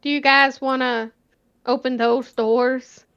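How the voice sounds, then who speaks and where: A woman's voice: high-pitched, little pitch movement, takes it slowly, smooth, muffled recording. A woman playing a tabletop game, joking and teasing the others. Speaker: player. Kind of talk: casual tabletop play.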